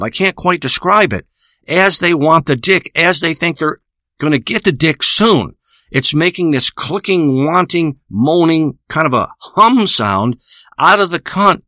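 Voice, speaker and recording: A man's voice: a little high, pushed and bright, no room sound. A man delivering a rambling, profane, boastful spoken monologue into a close microphone. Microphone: close studio microphone.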